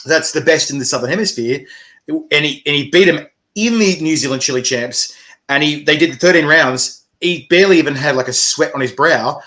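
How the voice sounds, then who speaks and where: A man organizing a chili eating competition, chatting excitedly in an interview, laughing and swearing casually. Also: a little high, brisk. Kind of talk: animated interview chat.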